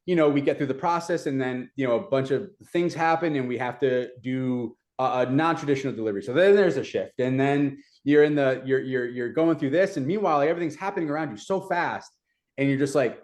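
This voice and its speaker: A young adult man, a community advocate, retelling events in a casual, animated way with many fillers. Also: mid-range voice, fairly quick. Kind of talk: casual storytelling.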